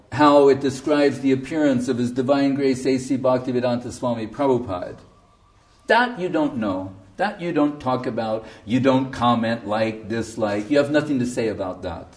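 A man gives an emphatic, story-driven sermon as a spiritual teacher. His voice sits in a middle pitch and sounds a little distant from the microphone. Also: darkish tone. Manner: emphatic, storytelling, often laughing.

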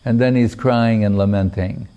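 A man giving a devotional talk, retelling a sacred story in a measured, unhurried way with pauses. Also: on the low side, steady tone, dark tone, smooth. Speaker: spiritual teacher.

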